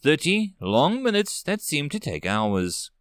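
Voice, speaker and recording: A man narrating a sci-fi audiobook with an animated delivery. His voice sits a bit high and swings widely in pitch. The recording is dry and close. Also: a little slow, clean tone, no echo.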